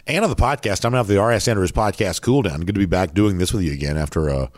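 Man, nasal allergy-worn voice, rambling sports podcast host, quick delivery, low voice. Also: darkish tone, dry recording, studio quality. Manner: rambling with many fillers. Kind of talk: casual podcast commentary.

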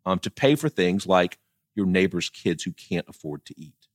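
A man's voice: low voice, animated, normal speed, no room sound, studio quality. A middle-aged man talking politics casually, blunt and profane, often laughing as he tells stories. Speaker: political commentator.

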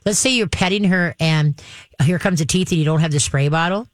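A woman's voice: lowish voice, fairly quick, dry recording, studio quality. A woman hosting a call-in radio show as a dog trainer, giving practical step-by-step advice in an upbeat way, often checking in with "okay". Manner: upbeat, practical, talks through steps with "okay".

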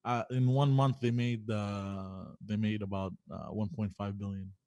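A man's voice: on the low side, steady tone, unhurried, a little mellow, dry recording. Offhand man, dry close sound. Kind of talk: casual podcast chat.

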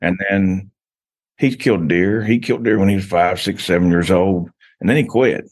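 A man's voice: deep voice, normal speed, a little mellow. A man telling long rambling stories as a podcast guest, full of restarts and "you know.". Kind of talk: casual podcast chat.

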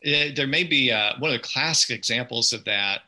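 Guest: Southern US man, podcaster-lawyer, bright tense tone, careful and precise. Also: mid-range voice, moderate pace, rough recording. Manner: patient, precise, explains step by step. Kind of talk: explanatory interview talk.

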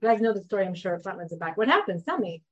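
This Torah teacher, a woman in her thirties, talks with her class in a relaxed, conversational way and keeps asking the group questions. She has a medium, sing-song voice that moves quickly, slightly bright with a breathy edge, captured in a dull lo-fi recording.

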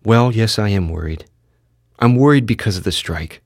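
A man's voice: lowish voice, moderate pace, no echo, clean studio sound. A man voicing a worried, hardworking father who blusters and stammers in a storybook reading.

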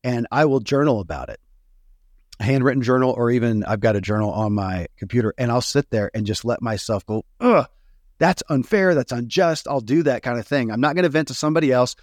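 A man talks through his thoughts in an earnest, searching way, circling back and restarting as he goes. His voice sits at an ordinary middle pitch, and the recording is dry and close with almost no room sound. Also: quick pace, darkish tone, dry recording. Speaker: podcast host. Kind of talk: reflective conversational podcast.

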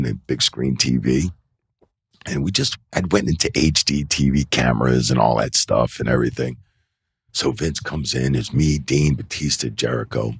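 Here a middle-aged wrestling referee with a gravelly, husky bass voice tells loose, animated anecdotes in a casual indoor interview. He fills them with "you know" and "like" and acts out quoted voices. The recording is studio quality with no echo.

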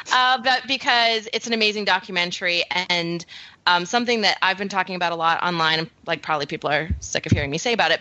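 A woman's voice: on the low side, bright, forceful tone, no echo, low-quality recording. A woman from Canada co-hosting a podcast, enthusiastic and rambling with lots of fillers. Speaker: podcast co-host. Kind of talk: casual podcast chat.

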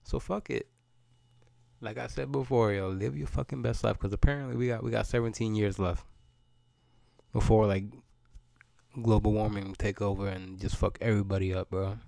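A man's voice: lowish voice, fairly even intonation, moderate pace, creaky, pauses often, mellow, no room sound. A man, hosting a solo podcast and ranting in a loose, profane, rambling way, often repeating words as he goes. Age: 30s. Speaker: podcast host.

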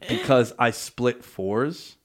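A young man hosts a podcast in a relaxed, casual way. He tells stories full of laid-back slang. His voice sits at an ordinary pitch for a man. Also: slow. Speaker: podcast host. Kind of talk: casual chat.

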